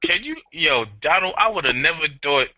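Lively, slangy podcast man. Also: a little high, no room sound, highs cut off. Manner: slangy, joking, drawn-out hype. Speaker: podcast co-host. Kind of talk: casual chat.

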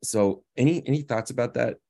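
A man's voice: medium pitch, fairly quick, creaky, dark tone. A man co-hosting a podcast who asks a question hesitantly and thoughtfully, restarting as he goes. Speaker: podcast co-host. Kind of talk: podcast interview.

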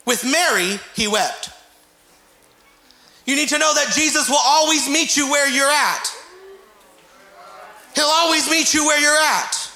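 A man preaching a sermon with passion, sometimes rising to shouts and retelling scripture in character voices. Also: very high-pitched, a little slow, long pauses, roomy sound.

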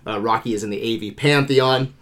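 Male podcast host, 30s, relaxed and animated, loose with swear words. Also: medium pitch, fairly quick. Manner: animated, swears casually, laughs often. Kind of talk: casual movie review chat.

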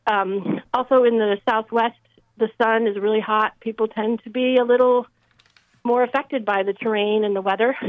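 A woman's voice: a little high, dry recording. A woman calling in to a radio show, talking thoughtfully with many fillers. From Midwest. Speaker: caller. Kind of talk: call-in radio chat. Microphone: telephone. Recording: tinny phone line.

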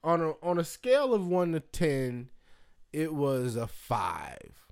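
A man from Indiana chatting casually to camera, rambling and swearing, with excited whoops and jumps into a high voice. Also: slow, clean tone. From Indiana, United States. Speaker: vlogger. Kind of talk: casual chat.

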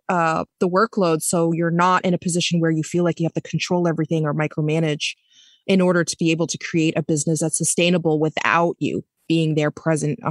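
A woman's voice: on the low side, no room sound, studio quality. A woman hosting a podcast who asks reflective questions in a conversational way. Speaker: podcast host. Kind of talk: casual interview.

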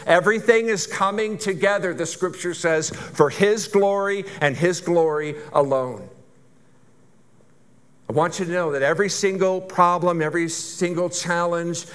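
A man's voice: on the high side, fairly bright tone. A pastor preaching a sermon to his church in a conversational way, with rhetorical questions and building lists.

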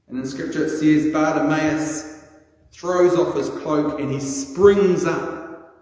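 A man's voice: fairly high pitch, darkish tone. A man preaching a sermon in a conversational storytelling way, acting out quotes. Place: large echoey church. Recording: echoey church hall with long reverb.

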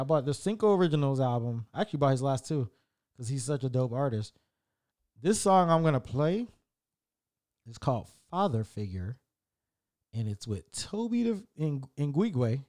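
Rambling podcast host man. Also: medium pitch. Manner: rambling, self-correcting, relaxed. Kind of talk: late-night solo podcast chat.

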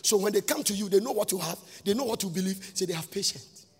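Amid long hall reverb and faint music, a pastor delivers a sermon with a high voice that's quick, a little mellow and slightly rough. His cadence is sing-song, and he keeps posing questions to the congregation.

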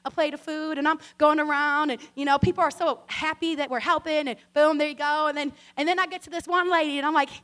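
A woman pastor delivering a sermon in a high, bright voice. She tells stories casually, with asides to her congregation, then builds to animated, emphatic preaching. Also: quick pace, hardly any pauses.

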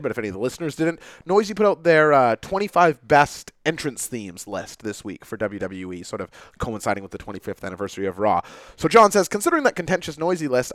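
A man's voice: mid-range voice, fairly bright tone, no room sound, studio quality. A young man hosting a podcast in a playful, upbeat way, reading listener questions and chatting casually. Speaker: podcast host. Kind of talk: casual chat.

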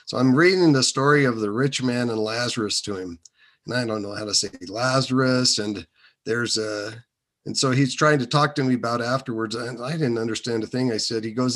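A man telling a personal story in a hesitant, meandering way, with many pauses and fillers. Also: medium pitch, fairly even intonation, a bit bright.

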